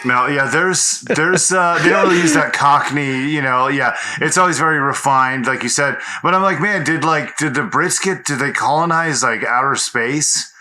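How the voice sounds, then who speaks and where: Bright-voiced laid-back man. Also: on the high side. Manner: easygoing, halting restarts, goofy riffs. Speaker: comedy podcast co-host. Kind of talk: casual comedic chat.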